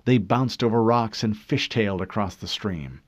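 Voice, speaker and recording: A man reading scripted audiobook narration in a measured, dramatic storytelling manner. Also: on the low side, dry recording, studio quality.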